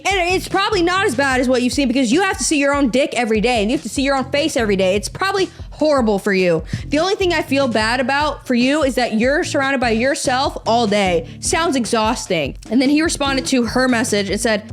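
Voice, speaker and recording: A young woman with a high voice reads posts aloud on her podcast and tears into them. She is sarcastic and profane, with quick asides in casual chat. Soft music runs faintly underneath. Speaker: podcast host.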